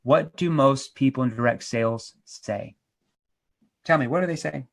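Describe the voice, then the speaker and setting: A man teaching a sales seminar, energetic and emphatic, breaking into role-play examples. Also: medium pitch, moderate pace, creaky. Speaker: sales trainer.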